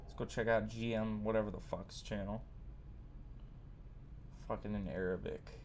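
A man's voice: fairly low pitch, fairly even intonation, moderate pace, a little hiss or hum. Foul-mouthed young male game streamer. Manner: profane, irritable ranting. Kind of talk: live gameplay commentary. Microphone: desk mic with facecam.

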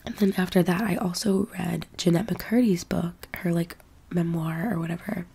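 A young woman who is sick with the flu, talking in a soft-spoken, half-whispered ASMR ramble full of fillers. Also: on the low side, steady tone, normal speed, gravelly, a little hiss or hum. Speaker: ASMR channel host.

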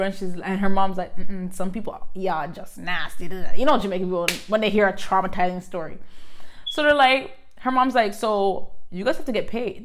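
A young woman, a hairstylist telling a slangy, animated storytime in her vlog. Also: medium pitch. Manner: animated, slangy, acts out the other people's lines. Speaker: hairstylist vlogger.

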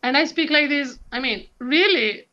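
Expressive soprano woman, muffled lo-fi sound. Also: high-pitched, normal speed. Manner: expressive, laughs often, demonstrates sounds. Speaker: soprano and vocal coach, guest. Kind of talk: animated interview chat.

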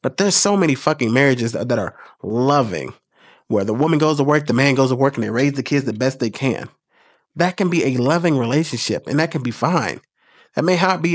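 A man's voice: on the high side, dry recording, studio quality. A man hosting a casual commentary video, blunt and profane, lecturing in an exasperated way.

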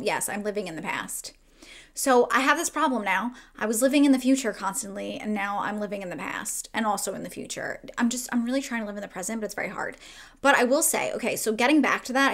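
A woman's voice: mid-range voice, gravelly. A woman in her twenties chatting casually while doing her makeup at home, rambling and filling her talk with "like". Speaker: beauty vlogger. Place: home, getting ready.

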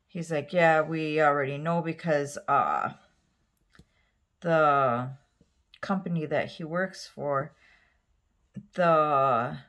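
A woman who vlogs about nail art talks casually as she paints her nails, rambling through a story full of fillers. Her voice sits low, and now and then she drops to a soft near-whisper while she works.

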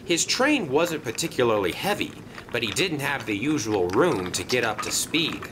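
A man narrating a homemade toy-train story in an expressive storybook manner. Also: medium pitch, normal speed, hardly any pauses, background noise.

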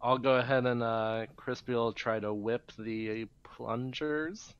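A man playing in a tabletop game, eagerly describing his character's moves in a lively way. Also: medium pitch, takes it slowly, clean tone, no echo. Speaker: player. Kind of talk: casual tabletop play. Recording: dull lo-fi recording.

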